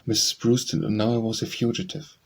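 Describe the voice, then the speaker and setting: A man narrating an audiobook memoir in a measured, even reading. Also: medium pitch, slight background noise. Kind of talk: scripted narration.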